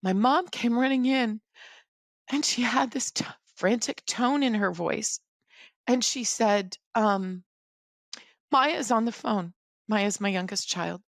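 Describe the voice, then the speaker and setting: A middle-aged woman telling a personal story as a podcast guest, in an earnest, halting, reflective way. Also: on the high side, no room sound, clean studio sound.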